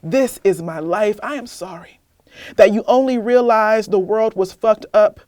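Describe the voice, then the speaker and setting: A young woman poet, candid and animated, talking about her reading life in an interview and then reading her poem aloud. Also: medium pitch, a little slow, dry recording, studio quality. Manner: candid, animated, laughs often. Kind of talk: casual interview chat, then poetry reading.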